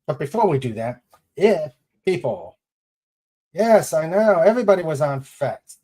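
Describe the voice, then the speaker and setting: A man hosting a casual livestream chat, laughing easily and speaking in an unhurried way. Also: fairly high pitch, sing-song, mellow. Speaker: host.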